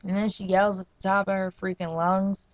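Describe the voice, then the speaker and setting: A woman's voice: medium pitch, moderate pace, no echo. A young woman from New Jersey telling slangy, profane stories in a casual vlog rant. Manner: slangy, profane, animated storytelling.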